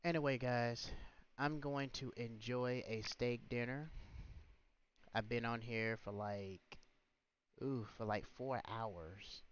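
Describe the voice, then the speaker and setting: A man's voice: mid-range voice, fairly even intonation, takes it slowly, clean tone. A man hosting a livestream, talking in an indignant, scolding way with many rhetorical questions. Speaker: livestream host. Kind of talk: ranting livestream commentary. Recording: muffled, lo-fi stream audio.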